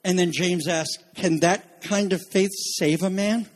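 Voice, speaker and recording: A man preaching an expository sermon as pastor, stammering and restarting at times and climbing to emphatic shouts. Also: high voice, fairly even intonation, measured pace. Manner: rises to emphatic shouting, then drops back to teaching; frequent restarts and filler stammers.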